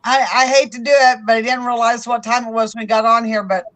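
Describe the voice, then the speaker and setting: A woman's voice: a little high, level tone, fast, a bit bright, no room sound, rough recording. A woman with a Southern US accent chatting casually as a guest on a live stream, folksy and easily laughing. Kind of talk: casual chat.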